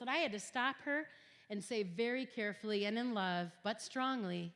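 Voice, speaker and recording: A middle-aged woman giving an earnest Christian talk to high school students, telling stories emphatically and swinging from quiet to loud. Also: moderate pace. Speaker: guest speaker at a high school. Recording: long hall reverb.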